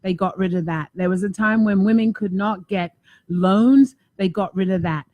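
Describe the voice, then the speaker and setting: A woman's voice: mid-range voice, moderate pace, a little mellow, dry recording. Effusive woman hosting a talk show. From United States. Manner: effusive, emphatic, repeats herself for emphasis. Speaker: talk show host and life coach. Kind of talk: casual enthusiastic talk show.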